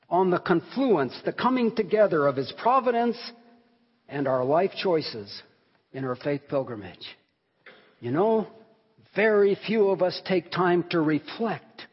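A man's voice: high-pitched, breathy edge. A man preaching a sermon on a hymn, earnest and emphatic, rising and falling in volume as he stresses words. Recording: long hall reverb, dull sound.

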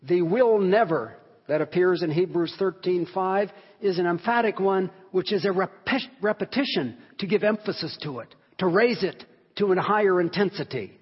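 Emphatic preacher in a reverberant hall. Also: male voice, high voice, moderate pace, slightly rough. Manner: earnest, emphatic, swells and drops in volume. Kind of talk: sermon teaching on a hymn. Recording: long hall reverb, dull sound.

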